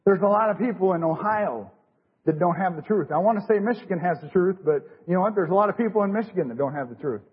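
A man preaching a fervent sermon in a church, excitable and repetitive, forever saying "hey, listen" and "you know what". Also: high-pitched, quick pace, breathy edge. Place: church sanctuary. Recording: echoey hall, muffled lo-fi recording.

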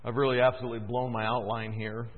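A man preaching a sermon in a church, moving between loud, fervent emphasis and quiet, hushed stretches. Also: medium pitch, flat delivery, quick pace. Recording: tinny echoey church recording.

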